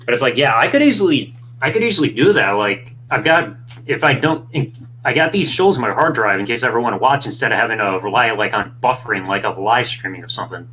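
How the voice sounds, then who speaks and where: A man's voice: medium pitch, animated, quick pace, bright, forceful tone, a little hiss or hum. A man from Michigan chatting casually and offhandedly as a co-host. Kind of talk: casual chat.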